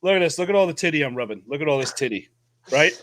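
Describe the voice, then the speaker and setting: A man co-hosting a casual podcast, telling Navy stories in a profane, animated way and acting out shouted quotes. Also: a little high, rapid-fire. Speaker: podcast co-host, Navy veteran. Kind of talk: casual storytelling chat.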